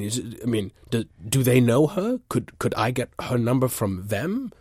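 Husky man telling tall tales earnestly. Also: very animated, moderate pace, dry recording. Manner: earnest, swings from hushed to booming. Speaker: improv comedy performer. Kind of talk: deadpan absurd storytelling.

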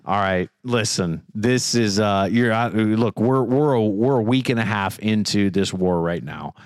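A man's voice: fairly low pitch, unhurried, no echo, studio quality. A man co-hosting a comedy podcast in casual banter, laughing often. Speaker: podcast co-host.

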